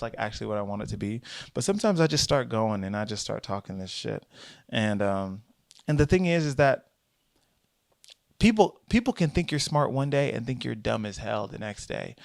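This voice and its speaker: A man records a casual vlog monologue, rambling and animated as he corrects himself mid-sentence. His voice has a gravelly edge. The sound is dry and close. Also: medium pitch, no room sound. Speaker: vlogger and comedian. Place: in transit, Boston.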